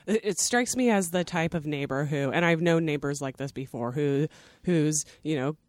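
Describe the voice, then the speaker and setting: A woman guest telling a story in casual chat, animated, swearing and saying "like" a lot. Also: low-pitched, normal speed, no echo, clean studio sound. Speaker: podcast guest.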